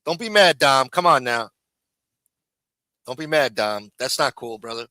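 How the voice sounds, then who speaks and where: A man's voice: mid-range voice, lively intonation, a little slow, bright, forceful tone, dry recording, clean studio sound. A man hosting a live stream recap, talking casually and ribbing his guests with a profane, streetwise manner. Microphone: studio mic for a radio-style show.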